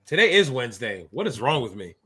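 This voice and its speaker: Soft music sits behind his husky, medium-pitched voice, which moves at a quick pace. He's a thirtysomething co-host on a casual basketball show, lively and jokey but easily sidetracked while talking sports.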